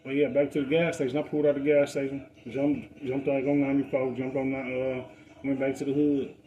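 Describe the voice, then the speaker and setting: The recording is muffled, but this brisk Detroit podcast storyteller comes through animated, spinning a street tale in profane slang. When quoting others, he mimics them in a higher voice.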